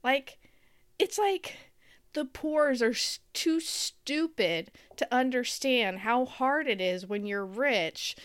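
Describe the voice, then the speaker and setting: A woman's voice: sits high, animated, slow, clean tone, no echo, studio quality. A woman co-hosting a casual talk show, ranting sarcastically and laughing as she talks. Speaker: podcast co-host. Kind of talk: casual chat.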